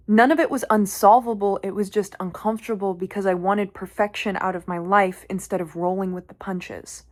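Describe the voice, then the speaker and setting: A young woman speaks straight to camera in a candid, conversational monologue. Her voice sits in a middle register for a woman. She tells her story in an animated way and swears casually as she goes. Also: mid-range voice, normal speed, few pauses. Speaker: vlogger.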